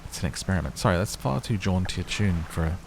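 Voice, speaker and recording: A man from England with a London accent streams gameplay, giving relaxed let's-play commentary and reading the game's text aloud as game music plays in the background. His voice is deep, creaky and animated, he talks fast, and there's background noise.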